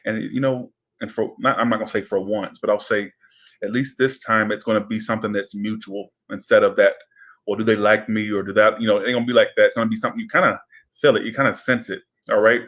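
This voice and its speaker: A man's voice: fairly low pitch, fairly even intonation, fast, fairly bright tone. A man giving a casual tarot reading, chatty and rambling, with frequent swearing and asides. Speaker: tarot reader.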